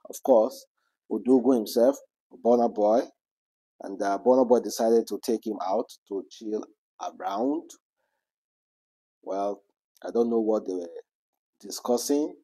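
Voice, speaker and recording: A man's voice: mid-range voice, animated, slow pace, pauses often, warm tone. A man with a Nigerian accent giving casual commentary on celebrity news. He speaks with passion, repeats rhetorical questions and slips into Pidgin.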